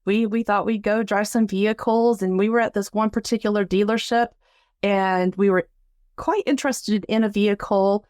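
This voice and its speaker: A woman telling a personal story in a lively, casual way, acting out the voices she quotes and laughing along. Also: moderate pace, clear, resonant tone, dry recording, studio quality. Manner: animated, acts out quoted voices with big pitch jumps; laughs often while telling. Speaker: guest storyteller.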